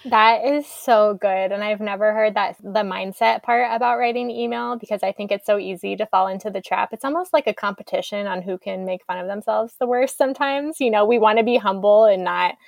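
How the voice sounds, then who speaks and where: A woman's voice: mid-range voice, fairly quick, gravelly, hardly any pauses, no room sound. A woman hosting a podcast, talking in a reflective, thinking-aloud way. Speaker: podcast host. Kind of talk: casual podcast interview.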